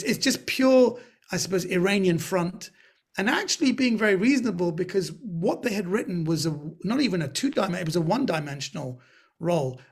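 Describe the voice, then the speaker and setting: A middle-aged man telling stories in an animated way on a video call, often laughing as he talks. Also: sits high, vocal fry, slightly rough. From Britain. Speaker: guest speaker. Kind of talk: anecdotal storytelling.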